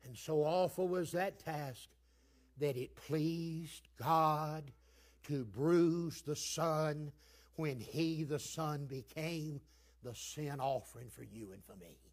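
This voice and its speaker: A man preaching a sermon, dropping to a hush and then building to shouted, chanting climaxes. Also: slow. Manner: swings from hushed low lines to shouted climaxes.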